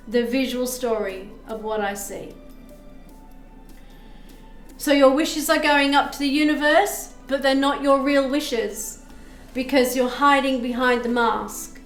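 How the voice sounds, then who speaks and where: Chatty high-voiced woman reading tarot live. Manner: chatty, reads chat aloud, thanks viewers. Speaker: tarot reader streamer. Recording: echoey room with faint music.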